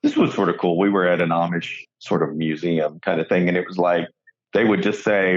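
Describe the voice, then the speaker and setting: Low-voiced man, rambling and jokey. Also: fairly quick, muffled recording. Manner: rambling, jokey storytelling with many restarts. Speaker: podcast co-host. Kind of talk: casual comedic chat.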